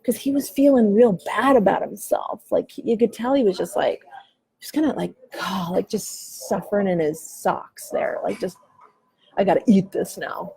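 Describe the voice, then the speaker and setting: A woman's voice: mid-range voice, moderate pace, gravelly, mellow, husky, rough recording. A woman in her forties talking candidly in a coffee shop, musing loosely and swearing casually as a podcast host. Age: 40s. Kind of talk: candid reflective chat.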